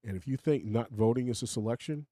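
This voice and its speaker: A man's voice: medium pitch, quick pace, dark tone, no echo, clean studio sound. Older man rambling on his live stream. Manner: rambling, opinionated, chuckles often, talks to chat. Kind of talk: casual live-stream monologue.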